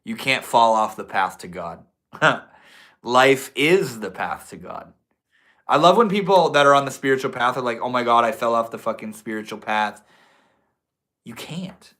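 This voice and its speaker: Loose, profane livestream host. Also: male voice, mid-range voice, pushed and bright. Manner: loose, profane, says bro and dude, preachy bursts. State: tipsy. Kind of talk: casual livestream chat reading comments. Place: indoors at home.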